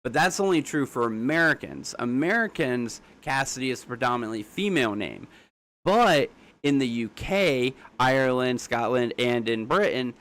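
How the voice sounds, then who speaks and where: Blunt, fast-talking young man. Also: mid-range voice, fairly bright tone. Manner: blunt, rapid, argumentative. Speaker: streamer. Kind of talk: casual live-stream talk.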